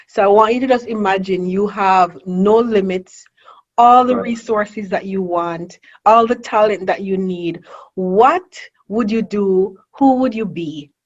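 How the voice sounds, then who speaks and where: A woman's voice: medium pitch, a little slow. A woman in her forties hosting a casual interview, asking friendly questions and laughing easily. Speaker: interview host. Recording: dull lo-fi audio.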